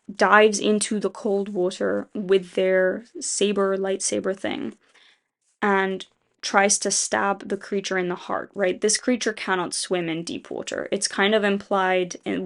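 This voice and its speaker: A woman with a gravelly, low-fry voice walks through a story plot in a loose, rambling way. She leans on fillers and slips into quoting characters. She swears casually and does not hold back her opinions. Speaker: video essayist.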